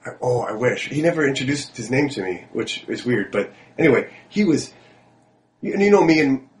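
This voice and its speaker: A man's voice: mid-range voice, fairly quick. A young man, a podcast co-host, telling a long rambling story with lots of fillers. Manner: rambling, animated, with many fillers. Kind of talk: casual storytelling chat.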